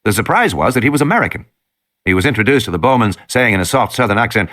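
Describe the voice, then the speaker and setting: A man narrating an audiobook in an expressive, dramatic way. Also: fairly low pitch, fast talker.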